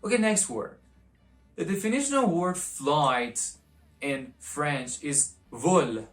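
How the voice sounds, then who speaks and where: Low slow-talking woman teaching french words, repeats stuff over and over, faint music behind. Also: animated. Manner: repeats words slowly and coaxes the listener to repeat. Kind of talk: vocabulary lesson with repetition drills.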